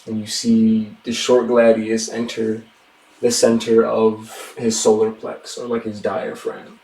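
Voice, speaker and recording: A man narrates a tabletop game as game master, taking his time in a hushed, deliberate way. His voice is dark and relaxed. The sound is roomy and a little distant. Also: on the low side, vocal fry, slight background noise.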